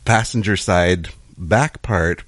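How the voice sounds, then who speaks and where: A man's voice: deep voice, takes it slowly, no echo. Dry-voiced sarcastic man in casual chat. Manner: dry, sarcastic, laughs often. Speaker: podcast co-host.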